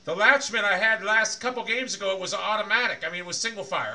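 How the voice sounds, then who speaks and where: A man streaming a shooter game, swearing often and swinging between loud frustrated rants and low muttering to himself. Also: fast. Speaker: gaming streamer. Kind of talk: live game commentary.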